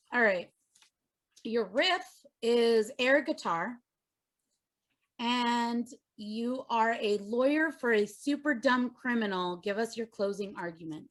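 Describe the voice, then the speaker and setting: A woman's voice: fairly high pitch, slow pace. A woman hosting an online open mic, bubbly and self-deprecating.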